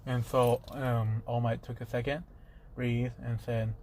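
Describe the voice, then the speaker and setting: A man narrates a fan story he is inventing on the spot, halting and restarting as he goes. His voice sits at an ordinary middle pitch, and a faint hiss runs under the recording. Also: level tone, a little mellow. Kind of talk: improvised spoken fan story.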